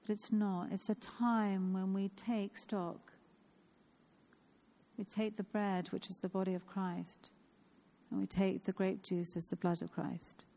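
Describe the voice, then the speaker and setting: A woman's voice: mid-range voice, level tone, measured pace, mellow. A woman of fifty giving an informal, personal sermon in a church, earnest and repeating phrases for emphasis. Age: 50s. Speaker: church speaker.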